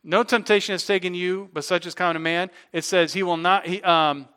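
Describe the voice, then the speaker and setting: A man preaching a sermon as pastor, conversational, asking the congregation questions and swinging from loud emphatic points to quiet low asides. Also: fairly even intonation, fairly quick, clean tone.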